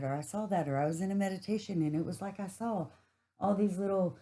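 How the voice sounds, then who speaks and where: A woman's voice: medium pitch, quick pace, warm tone, low-quality recording. A woman giving a rambling, casual spiritual monologue, earthy and swearing freely.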